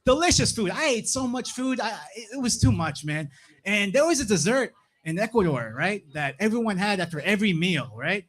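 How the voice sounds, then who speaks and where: A man's voice: high voice, lively intonation, a little fast, fairly bright tone. A young man from Massachusetts doing a stand-up comedy set on a club stage, laid-back and tagging his lines with "man" and "right?". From Plymouth, Massachusetts.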